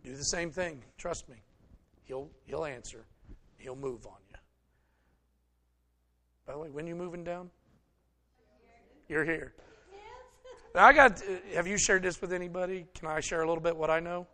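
A man's voice: a little high, moderate pace, long pauses, bright, forceful tone. A middle-aged man preaching a conversational sermon, folksy and joking as he talks straight to his congregation. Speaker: pastor.

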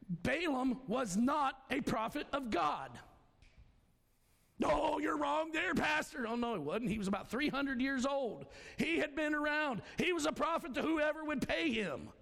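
A male pastor preaching a folksy sermon, swinging between shouts and hushed asides. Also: very high voice, animated, moderate pace, gravelly, few pauses. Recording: long hall reverb.

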